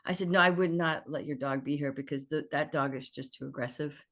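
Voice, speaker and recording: A woman guest on a podcast, telling lively stories in casual chat and acting out what people said. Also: sits low, a little fast. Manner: animated storyteller who acts out dialogue.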